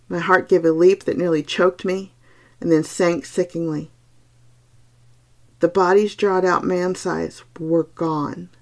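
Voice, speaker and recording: Low, gravelly woman reading a ghost story. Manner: slow, hushed, suspenseful. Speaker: podcast host reading a story.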